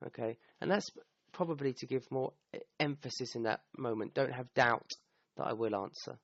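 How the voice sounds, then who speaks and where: A man's voice: medium pitch, normal speed, dry recording, dull audio. A man teaching the meaning of a Quran verse, thinking aloud with restarts and often checking in with "okay?". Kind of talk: recorded talk explaining a verse.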